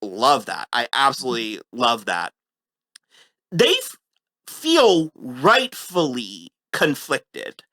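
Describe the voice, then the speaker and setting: A woman co-hosting a casual TV recap chat, animated and quick to laugh. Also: a bass voice, dry recording, studio quality. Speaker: podcast co-host.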